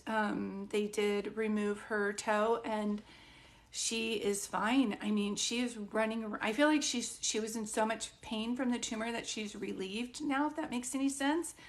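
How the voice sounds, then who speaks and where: A woman's voice: mid-range voice, fairly even intonation, a little slow. A woman psychic medium chatting casually and at length with viewers during a live stream. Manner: chatty and rambling, talking straight to viewers.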